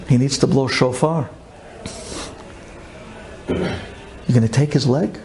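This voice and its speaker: A man's voice: takes it slowly, crowd noise. Fervent man preaching a story. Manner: fervent, pleading, swings from low calm to high emotional cries; repeats phrases for emphasis. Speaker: rabbi telling an inspirational story. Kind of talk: impassioned storytelling sermon.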